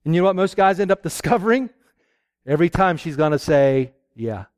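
A man preaching a sermon to a live audience, lively and acting out little exchanges between husband and wife. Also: high voice, brisk, no room sound, clean studio sound.

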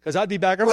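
A man's voice: high voice, dry recording, studio quality. A middle-aged man preaching a sermon, telling stories with laughter and ending in an emotional prayer.

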